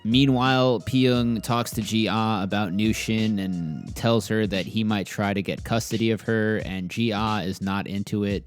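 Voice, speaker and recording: A man giving a casual, joking drama recap, swearing freely and briefly acting out the characters' lines. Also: lowish voice. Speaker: YouTube drama reviewer.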